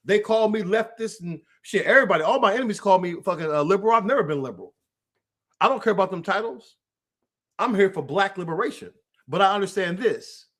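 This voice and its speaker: The voice sits high, expressive and a bit bright, and the delivery is fast. An American man hosting a political livestream rants with heat and profanity, naming an absent rival and talking directly to him.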